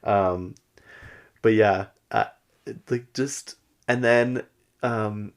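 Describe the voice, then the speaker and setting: Gravelly-voiced man recapping reality TV. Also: lowish voice, very slow. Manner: rambling and excitable, many "like" fillers, laughs often. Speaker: podcast host. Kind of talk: casual reality-TV recap chat.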